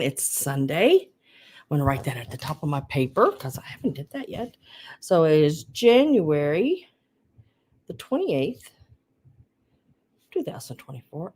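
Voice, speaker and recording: A woman with a deep, dark voice and a Southern US accent runs a vintage sale livestream, chatting easily and welcoming viewers by name.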